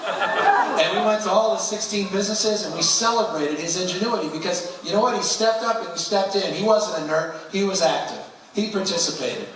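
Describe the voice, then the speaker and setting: A man telling a wry, animated story as an interview guest before a live audience at a festival venue. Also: sits high, a little hiss or hum. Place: large public festival venue. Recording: echoey hall from far off.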